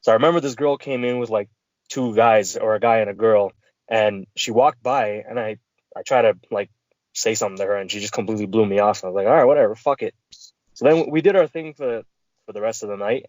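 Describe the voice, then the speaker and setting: A man's voice: on the low side, a little mellow, dry recording, muffled recording. A man co-hosting a podcast, chatting casually and laughing, laid-back as he chimes in with his own memories. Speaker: podcast co-host. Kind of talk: casual chat.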